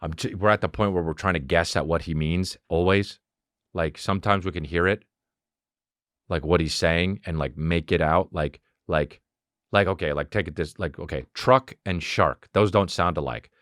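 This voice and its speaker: At a moderate pace, this thirty-something podcast host rants alone on his comedy show, cursing freely and full of energy, breaking into mocking high-pitched character voices. The studio sound is clean and dry.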